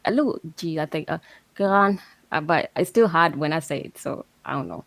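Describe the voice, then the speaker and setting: A woman's voice: low-pitched, lively intonation, fast. A woman taking part in an online study group, speaking hesitantly over a video call and laughing at her own attempts. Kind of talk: casual online discussion.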